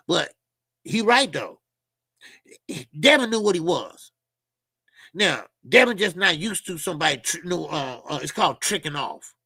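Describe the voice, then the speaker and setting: A man's voice: a little high, vocal fry, sharp tone, slightly rough, no echo. A middle-aged man hosting a boxing talk channel, ranting casually and profanely, often mimicking people in a mocking voice. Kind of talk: casual commentary monologue.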